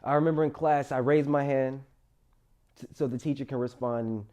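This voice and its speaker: A man's voice: mid-range voice, fairly even intonation, fairly quick. Young man telling his life story. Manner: emotional, rises loud then drops quiet. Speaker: motivational storyteller. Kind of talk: personal life story monologue.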